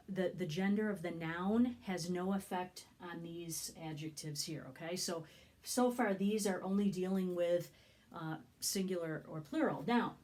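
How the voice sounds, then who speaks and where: A woman teaching Spanish grammar in a classroom style. She often checks in with the class, asks questions, and slows down to stress key words. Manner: checks in with frequent "okay?" and "right?", lively rises in pitch. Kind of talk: classroom lesson explaining at a board.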